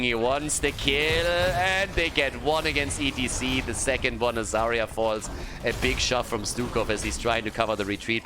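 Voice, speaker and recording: A man casting a video game match by himself, excited at big plays and calm between them. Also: medium pitch. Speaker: esports caster. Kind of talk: solo play-by-play commentary.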